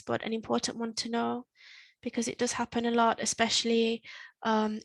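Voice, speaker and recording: A woman teaching a Spanish lesson, explaining patiently step by step and repeating words slowly. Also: on the high side, no echo. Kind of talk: online language lesson. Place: in Spain.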